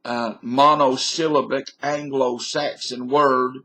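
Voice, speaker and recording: A man's voice: mid-range voice, fairly even intonation, slow pace, sharp tone. A man from British Columbia giving a folksy, digressive comic monologue into a webcam, with mock-learned asides. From British Columbia, Canada.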